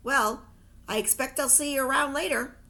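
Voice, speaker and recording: A woman reading a novel aloud, voicing a calm, knowing girl with frizzy hair. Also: high-pitched, normal speed.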